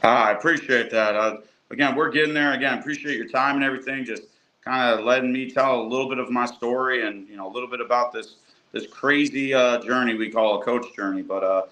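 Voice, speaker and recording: A man's voice: medium pitch, brisk, bright, forceful tone, rough recording. Earnest young male football coach. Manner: earnest, lots of fillers and restarts. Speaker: college football coach, guest. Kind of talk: casual podcast conversation.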